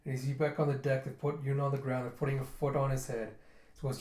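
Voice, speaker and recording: A man reviewing manga reads a comic chapter aloud fast, recapping it in a relaxed, casual way. He animates the retelling by doing little voices for every character. His voice is of average pitch, with echo from a spacious room.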